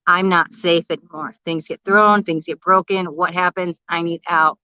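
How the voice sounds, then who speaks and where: A woman's voice: lowish voice, steady tone, normal speed, clean tone, dry recording. A young woman coaching on a livestream, telling her own story in a candid, emotional way. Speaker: spiritual life coach. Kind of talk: livestream talk. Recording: slightly muffled, lo-fi livestream audio.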